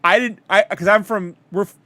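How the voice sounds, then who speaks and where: A man from Southern California joins a casual chat as co-host, teasing and laughing easily. He stammers when he gets worked up. His voice sits a bit high and sounds dry and close. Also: steady tone, bright, forceful tone, dry recording. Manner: wry, laughing, halting stammers.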